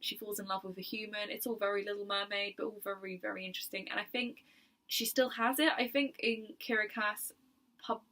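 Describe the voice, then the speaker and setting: A young woman chatting casually about books in her video, enthusiastic and quick to laugh. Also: mid-range voice, fairly even intonation, sharp tone. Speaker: book vlogger. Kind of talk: casual chat.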